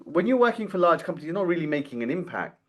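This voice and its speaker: A man in his forties with a voice on the high side talks rapid-fire as a podcast guest. The founder of a dental marketing company, he animatedly tells his career story in an interview, acting out the quoted dialogue.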